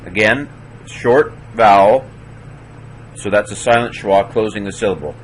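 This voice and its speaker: A man teaching Hebrew pronunciation, sounding out words slowly syllable by syllable and explaining the vowels in a relaxed, careful way. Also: on the low side, slight background noise, low-quality recording.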